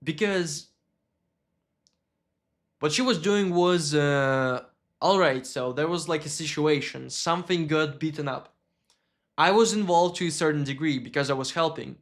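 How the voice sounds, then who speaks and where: A man with a voice that sits a little high tells a story from his own life on a live stream. He speaks openly and with emotion, and swears when the memory upsets him. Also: measured pace, long pauses. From Russia.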